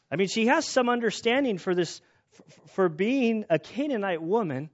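A man's voice: high voice, lively intonation, normal speed, muffled recording. Earnest man musing through a Bible passage. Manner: thinks aloud, earnest, musing. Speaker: Bible teacher. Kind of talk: conversational Bible teaching.

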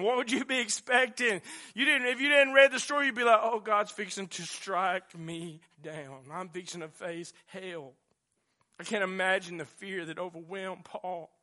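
A male pastor, preaching a sermon with passion, dropping to a hush and then rising loud again. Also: high-pitched. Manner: impassioned preaching, swinging from hushed to loud.

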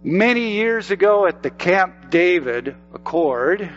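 A man's voice: high voice, expressive, slow pace, fairly bright tone, muffled recording, faint music behind. An older man preaching a sermon as pastor, emphatic and repeating phrases for effect.

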